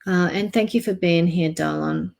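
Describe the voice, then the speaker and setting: A woman giving a psychic card reading on a live online stream. She talks softly and gently, halting often with fillers. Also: lowish voice, creaky. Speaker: psychic reader.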